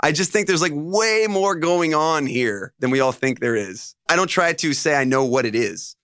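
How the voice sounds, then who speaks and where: A man speaking as a musician guest in an interview, telling stories in a loose, rambling, animated way. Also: fairly high pitch, normal speed, clean tone, no room sound, clean studio sound. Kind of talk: casual interview storytelling.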